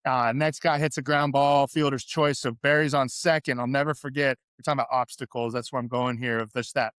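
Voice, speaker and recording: A middle-aged man from California, a podcast guest and former pro athlete, telling candid stories in an animated, chatty way. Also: mid-range voice, a little fast, smooth, no room sound, studio quality. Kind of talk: interview storytelling.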